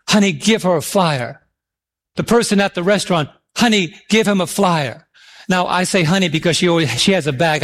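High-voiced man preaching a sermon. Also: a bit bright. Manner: emphatic, drawn-out scripture reading; calls for audience responses.

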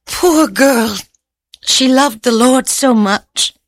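A woman's voice: sits high, very slow, no echo, full character voice. An actress voicing an awed woman follower of Jesus in an audio Bible drama, gasping in wonder. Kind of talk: radio drama acting.

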